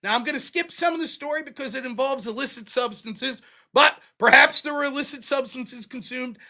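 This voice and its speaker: A man's voice: extremely high pitch, brisk, bright, forceful tone. A male live stream host telling profane, rambling anecdotes in a casual storytelling way.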